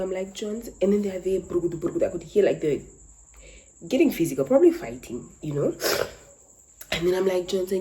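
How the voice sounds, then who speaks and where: Young woman, low mellow voice with a very lively pitch, for a dramatic casual storytime. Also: a little hiss or hum, poor audio. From Namibia. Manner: animated, dramatic retelling. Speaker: content creator.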